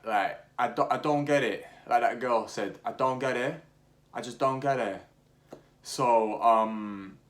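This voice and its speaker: A young man hosts a podcast and chats casually about football, giving his opinions with heaps of slang, restarts and filler words. His voice is medium in pitch and a touch bright.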